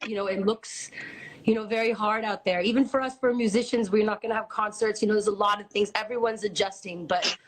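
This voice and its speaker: A woman hosting a charity livestream, speaking warmly and emotionally to a guest on a video call. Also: mid-range voice, fairly even intonation, a little fast, low-quality recording. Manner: warm, emotional, encouraging. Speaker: livestream host.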